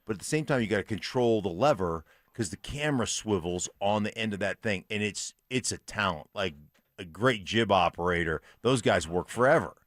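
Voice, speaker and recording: Low-voiced man telling a studio story. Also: brisk, dry recording. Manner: animated storyteller, loud put-on shouts. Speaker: sports radio co-host. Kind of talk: casual storytelling. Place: radio studio.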